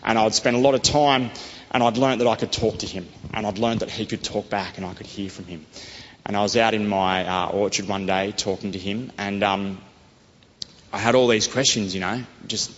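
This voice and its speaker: A man's voice: fairly low pitch, slight background noise. Man, rambling testimony, echoey hall, dull lo-fi mic. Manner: enthusiastic, rambling, frequent "you know" and "um". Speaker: interviewee sharing a faith testimony. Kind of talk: conversational storytelling.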